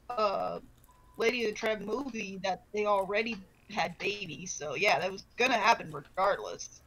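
Bright, teasing woman. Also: mid-range voice, moderate pace, low-quality recording. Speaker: co-player on a gaming stream. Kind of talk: casual gaming chat.

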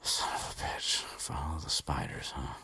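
A man's voice: a bass voice, sing-song, very slow, a bit bright, breathy edge, heavily acted. A man voicing an exasperated teenage boy wizard who is blunt and swears under his breath. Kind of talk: comic retelling with voices.

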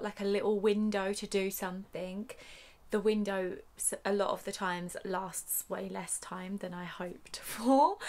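A woman's voice: mid-range voice, a bit bright. A woman chatting casually to camera at home as a vlogger and new mother, laughing often. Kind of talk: casual vlog chat to camera. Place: at home, indoors.

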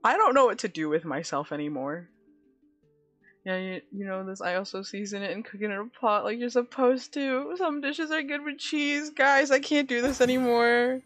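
A woman's voice: fairly high pitch, moderate pace, fairly bright tone, soft background music. A woman streaming live, chatting casually with viewers in a giggly, dramatic way, laughing often.

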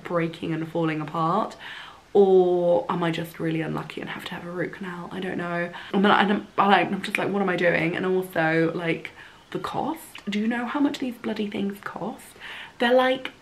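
A woman, chatting casually to camera at home while ill and a little hoarse. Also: medium pitch, slight background noise, rough recording. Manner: chatty, rambling, self-deprecating. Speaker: vlogger.

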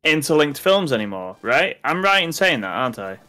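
A man's voice: fairly high pitch, very animated, fairly quick, bright, forceful tone, faint music behind. A man from the UK chatting casually while playing a game, rambling with many fillers and restarts. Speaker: co-host. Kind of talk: casual chat over gameplay.

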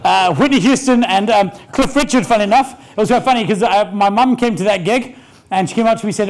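A man's voice: high-pitched, a little fast. A man giving a live conference keynote on stage, telling brash, joking stories, swearing and acting out the people he quotes. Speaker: keynote speaker. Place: stage before a live audience.

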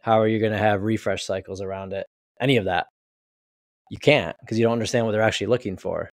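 A man's voice: lowish voice, steady tone, fast, dry recording. A man co-hosting a business podcast, laid-back with dry humor, more of a listener than a talker. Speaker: podcast co-host, chief operating officer. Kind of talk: casual podcast chat.

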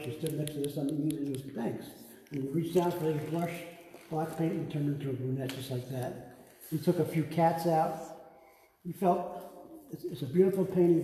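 A museum guide who is the artist's son tells stories casually during a live tour in an echoey indoor art gallery. He delivers animated anecdotes and acts out his father's lines in a higher-pitched voice, with a little hiss or hum present.

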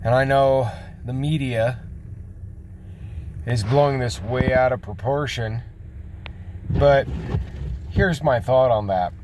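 A man rambling casually in a video blog, reassuring his viewers in a folksy, drawn-out way. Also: mid-range voice, noisy background. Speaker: vlogger.

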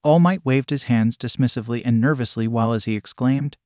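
A man narrating a fan fiction story in a steady, plain reading. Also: medium pitch, a little fast, hardly any pauses, no room sound, studio quality.

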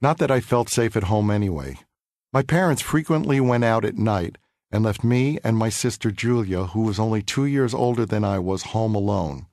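A man from New York City reading his own memoir aloud for an audiobook, in a measured, earnest and reflective way. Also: fairly low pitch, darkish tone, no echo, clean studio sound.

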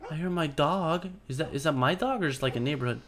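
A man giving live gameplay commentary, jokey and excitable, swearing often. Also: on the high side, fast talker, slight background noise. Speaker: gaming video host.

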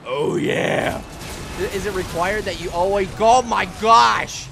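A young man hosting a gaming channel, giving goofy, excitable let's-play commentary, yelling and laughing at the game. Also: sits high, a little slow, gravelly, noisy background. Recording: game music loud behind the voice. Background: video game music and vehicle sounds.

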